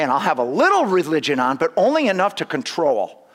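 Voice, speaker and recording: A male pastor delivers a sermon a little fast, his high, lively voice swooping up and down. He acts out little voices and laughs often, his sentences stopping and restarting as he builds toward a point.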